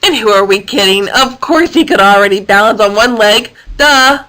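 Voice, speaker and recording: A woman reading a children's story aloud with a playful, expressive manner. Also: mid-range voice, normal speed, rough recording. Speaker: storybook reader.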